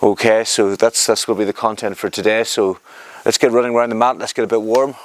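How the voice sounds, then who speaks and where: A man's voice: on the low side, steady tone, fast, slight background noise. A man teaching a jiu-jitsu class, explaining moves while he demonstrates them on a partner and often repeating words as he goes. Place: training mat, indoors.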